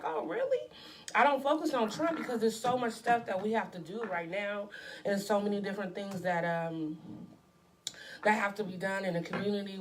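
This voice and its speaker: A woman co-hosting a casual talk show, speaking in a measured, earnest way. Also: medium pitch, a little hiss or hum. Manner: measured, earnest, lots of short agreeing replies. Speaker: podcast co-host. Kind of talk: casual chat.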